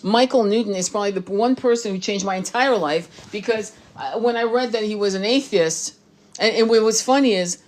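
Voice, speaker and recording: A woman tarot reader talks off the cuff at an ordinary middle pitch. She is blunt and emphatic, swears freely, and often restarts her sentences. She sounds like someone speaking her mind to her audience. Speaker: tarot reader and spiritual commentator. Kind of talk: unscripted rant to camera.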